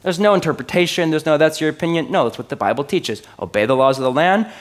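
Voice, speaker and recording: A man in his thirties preaches a sermon in a chatty, joking way. He keeps asking his listeners questions, and his voice sits a bit on the high side. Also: very animated, fast talker. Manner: conversational, joking, asks the crowd often. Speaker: pastor.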